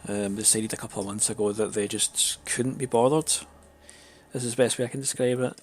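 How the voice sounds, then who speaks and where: A man chatting casually on a live stream, his throat a little raspy and his nose congested, rambling with many fillers and restarts. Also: medium pitch, steady tone, a little fast, darkish tone.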